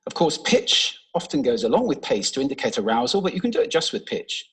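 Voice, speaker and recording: A man gives a talk to a large audience, in a slightly husky voice. He plays with his delivery, and his pitch swings widely and lively from phrase to phrase. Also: fast talker, rough recording. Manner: expressive, playful, demonstrates voice techniques. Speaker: speaker giving a talk on stage. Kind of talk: public talk with vocal demonstrations. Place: large stage before an audience. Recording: played from a talk recording.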